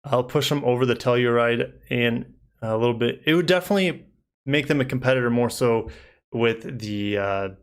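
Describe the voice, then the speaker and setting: A man's voice: mid-range voice, normal speed, smooth. A young man hosting a casual live stream as a car reviewer, rambling easily through viewer comments with many fillers. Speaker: car reviewer and channel host.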